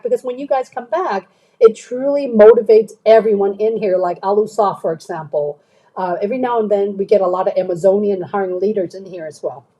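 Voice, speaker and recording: A woman's voice: mid-range voice, mellow, low-quality recording. A woman career coach chatting on a live stream, answering viewers' questions and often checking in with "okay?".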